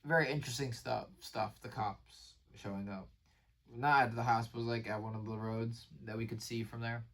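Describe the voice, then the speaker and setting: A man recapping his day in a casual vlog, rambling and excitable, with lots of fillers and restarted sentences. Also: mid-range voice, normal speed, recorded from a distance. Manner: rambling, filler-heavy, says "like" and "bro" constantly. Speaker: vlogger.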